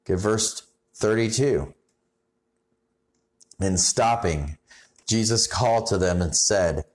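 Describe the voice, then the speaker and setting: A man preaching a sermon in a conversational way, often restarting his sentences. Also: lowish voice. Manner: conversational, halting restarts, rising intensity when reading scripture. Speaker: pastor.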